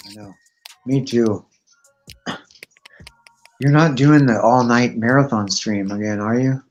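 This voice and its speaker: A man's voice: mid-range voice, slow pace. Foul-mouthed man rambling on stream. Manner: profane, rambling, swears constantly. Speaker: guest on a live stream chat. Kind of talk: casual rambling chat. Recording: muffled lo-fi stream audio with faint music.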